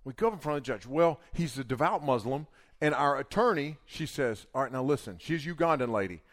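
A man telling a long story in a casual, animated way, acting out the quotes. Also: fairly high pitch, brisk.

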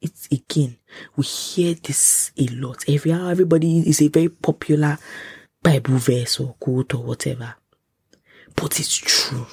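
Nigerian lady podcasting solo, husky breathy voice, dry close mic, goes whispery a lot. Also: sits low, moderate pace, dry recording. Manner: animated, often dropping to a whisper. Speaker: podcast host. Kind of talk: casual solo podcast talk.

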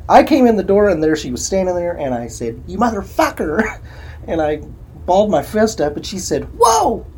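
A man's voice: high voice, lively intonation, fairly quick, mellow, a little hiss or hum. A man from Illinois co-hosting a podcast, telling stories bluntly with laughs in casual chat. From Alton, Illinois. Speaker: podcast co-host.

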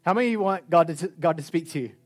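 A man preaching a sermon, animated, swinging from quiet, intimate lines to loud shouts. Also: on the high side, racing, faint music behind.

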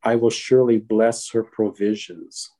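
A man with a low, very dark and mellow voice recites psalm verses in turn with another reader. His delivery is steady and solemn, in the manner of a liturgical response. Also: a little slow.

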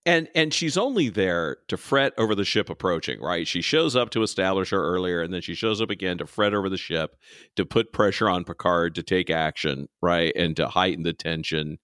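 A man co-hosting a podcast in casual chat, animated and leaping up in pitch to make points. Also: fairly quick, clear, resonant tone, no room sound, studio quality. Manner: animated, jumps up in pitch for emphasis. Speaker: podcast co-host.

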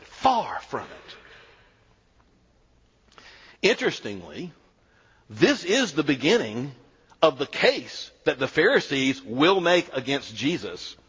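Husky, animated preacher in a reverberant hall. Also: male voice, unhurried, long pauses. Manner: animated, emphatic preaching with sudden drops to low, quiet lines. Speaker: pastor. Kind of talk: sermon. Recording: dull sound with long hall reverb.

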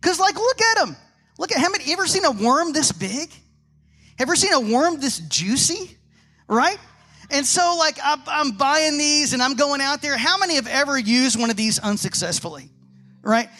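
A man preaching a sermon to a congregation, telling animated stories and asking rhetorical questions. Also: very high-pitched. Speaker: pastor.

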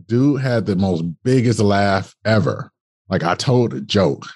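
A man's voice: on the low side, unhurried. A young man, a podcast guest, telling his story in a casual, colloquial way, swearing freely and acting out conversations. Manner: animated, colloquial, swearing, acts out dialogue.

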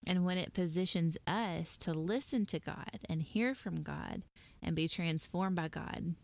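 Lower-voiced woman hosting a podcast. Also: a little slow, vocal fry, a little mellow. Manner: affirming, frequent agreeing murmurs. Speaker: podcast host. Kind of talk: casual conversational interview.

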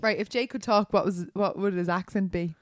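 Casting: Irish woman, mid-pitched, playful teasing co-host, dry close sound. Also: a little fast, dry recording. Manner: teasing, laughs often. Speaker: podcast co-host. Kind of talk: casual chat.

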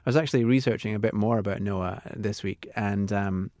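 A man's voice: on the low side, steady tone, brisk, a little mellow, no room sound, studio quality. A man co-hosting a casual comedy chat, talking in a chatty, thoughtful way. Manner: chatty, thoughtful, trails off with fillers. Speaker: co-host.

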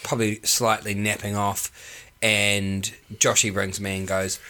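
A young man, hosting a podcast and telling rambling, animated stories full of swearing. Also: on the low side, measured pace. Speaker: podcast host. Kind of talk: casual chat.

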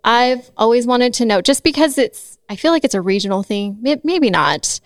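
Chatty podcast lady, kinda high voice, laughs a lot, dead dry sound. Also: expressive, moderate pace, no echo. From Los Angeles. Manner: upbeat, laughs often. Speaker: podcast host. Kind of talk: casual interview chat.

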